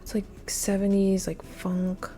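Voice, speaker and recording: A quiz video creator, a woman, thinks aloud through a timed trivia quiz, flustered and muttering with many hesitations. Her medium-pitched voice is monotone, unhurried and dark in tone, with faint music in the background.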